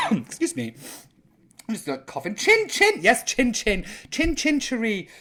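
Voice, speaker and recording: A woman's voice: on the high side, wildly swooping pitch, takes it slowly, fairly bright tone. Cheeky tipsy woman host. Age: older. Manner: cheeky, sweary and rambling. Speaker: host reading out viewer comments. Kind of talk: live-streamed casual chat.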